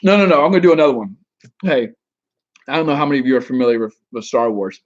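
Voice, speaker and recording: A man's voice: mid-range voice, animated, quick pace, dull audio. A man giving dating advice on a casual live stream, answering chat with rambling, crude jokes and frequent restarts.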